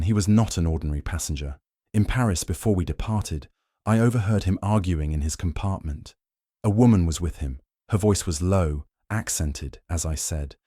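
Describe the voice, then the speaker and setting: A man's voice: deep voice, normal speed, dark tone, breathy edge, dry recording, clean studio sound. A man reading the part of a nervous, frightened male train conductor who pleads and hesitates anxiously. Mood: fearful.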